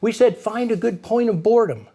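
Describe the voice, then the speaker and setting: A man's voice: sits high, fairly quick, warm tone. A middle-aged man giving a humorous workshop talk to parents about getting kids reading, acting out family scenes and chuckling often.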